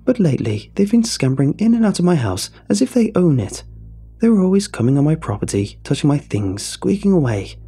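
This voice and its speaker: A man's voice: very animated, brisk, mellow, slightly rough, faint music behind, full character voice. A man voicing a shrewd elderly woman who squawks and rambles, turning snappish. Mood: shrill, rambling. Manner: shrill, snappish.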